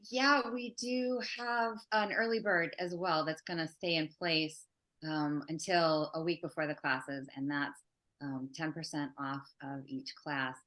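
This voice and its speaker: A woman guest, a psychotherapist and art teacher, speaking in a reflective, soft-spoken way. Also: low-pitched, fairly even intonation, a little slow. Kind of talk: interview conversation.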